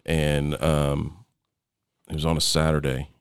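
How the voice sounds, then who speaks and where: Middle-aged man as interview guest, smooth resonant low voice, dry close sound, halting delivery with restarts. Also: monotone, no echo. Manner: halting, with frequent restarts and fillers. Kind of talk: personal storytelling in conversation.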